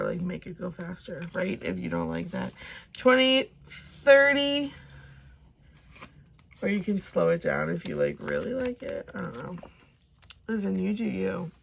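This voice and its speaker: A woman's voice: medium pitch, wildly swooping pitch, normal speed, creaky, slightly rough. A woman in her thirties chatting casually to camera at home, rambling and talking herself through her plans with many fillers. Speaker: cash budgeting vlogger.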